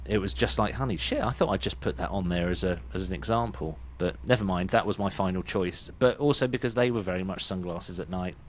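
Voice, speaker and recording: A man's voice: deep voice, fairly quick, hardly any pauses, slight background noise. A British man hosting a music podcast in casual, chatty talk, often laughing. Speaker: podcast host. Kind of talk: casual chat.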